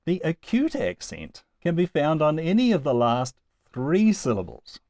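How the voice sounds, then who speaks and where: Man teaching Greek with lively pitch. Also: no room sound. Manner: slow, deliberate over example words, with chuckles. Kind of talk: recorded lecture.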